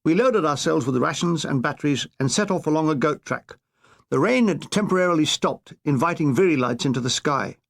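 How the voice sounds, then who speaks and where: An older man reading his own comic memoir with wry, deadpan asides. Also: fairly high pitch, brisk, vocal fry. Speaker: author narrating his memoir.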